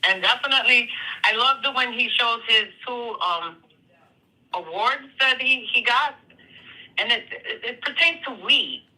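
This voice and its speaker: A speaker on a live call-in stream, chatting casually in a hesitant, measured way with many fillers. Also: medium pitch, expressive, sharp tone, rough recording. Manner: hesitant, measured, full of "you know" and "um". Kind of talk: casual chat.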